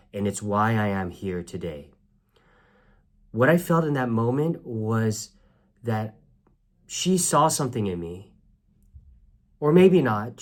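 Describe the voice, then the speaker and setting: A man telling a personal story in an earnest, reflective way, acting out the lines of the people in it. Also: on the low side. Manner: earnest, reflective, acts out quoted dialogue. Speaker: actor telling his story.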